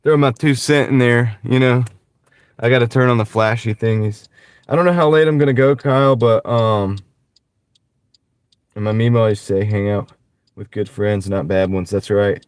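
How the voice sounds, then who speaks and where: A young delivery driver with a Southern US accent chats casually on a livestream from inside his van, rambling and leaning heavily on "like" and "dude." His mid-range voice stays steady at a moderate pace with long pauses. A wireless clip-on mic gives a clean, dry recording.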